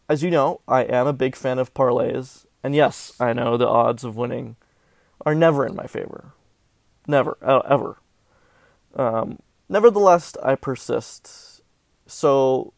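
A man's voice: mid-range voice, gravelly, a little mellow, no echo. A man from Southern California hosting a casual sports betting podcast, talking animatedly with melodramatic, self-mocking complaints about his bets.

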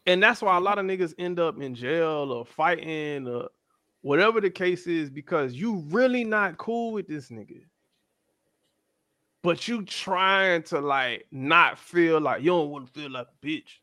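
Animated man in casual podcast banter. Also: fairly high pitch, measured pace, no room sound, clean studio sound. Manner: animated, slangy, acts out quotes. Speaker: podcast co-host. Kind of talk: casual chat.

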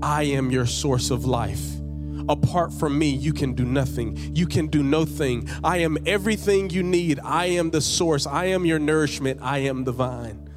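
A pastor preaching in a fairly high voice, repeating key lines and climbing to emphatic peaks before settling back into relaxed, slangy asides. Music plays clearly underneath his sermon. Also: moderate pace. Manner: conversational, uses casual slang.

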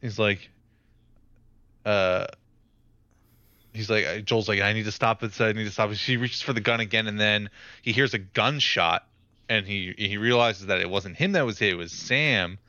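A man's voice: fairly low pitch, normal speed, long pauses, sharp tone, dry recording, muffled recording. A young man co-hosting a casual chat, rambling through his retelling with lots of "like" and "um". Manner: rambling, filler-heavy retelling. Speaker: podcast co-host.

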